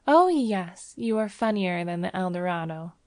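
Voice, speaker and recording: A woman's voice: lowish voice, animated, moderate pace, a little mellow, no echo, studio quality, natural voice. A woman narrator voicing Clifford, a flustered young man who speaks uneasily and hesitantly.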